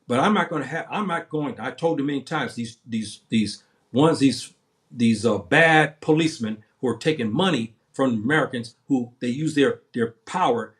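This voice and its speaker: A man's voice: mid-range voice, moderate pace. A seventy-year-old man hosting a livestream, talking in a heated, rambling way and often repeating himself and restarting his sentences. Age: 70s. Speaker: livestream host. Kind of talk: impassioned livestream monologue.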